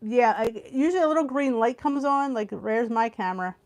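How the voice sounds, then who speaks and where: A woman's voice: on the high side, a little fast. A middle-aged woman with a Philadelphia accent, hosting a live stream and chatting with viewers, laughing often. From Philadelphia area, US. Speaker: weight loss channel host.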